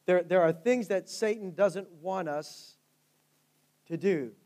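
A male pastor with a fairly high, darkish voice preaches a sermon. He tells stories fervently, his volume rising and dropping.

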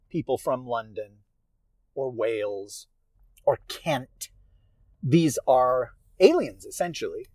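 A thoughtful man musing aloud in a relaxed monologue, circling his points and restarting the odd phrase. His voice sits at an ordinary middle pitch. The sound is dry and close, with no room echo. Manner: thoughtful, meandering, with small restarts. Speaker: audiobook narrator and author. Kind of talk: casual spoken monologue.

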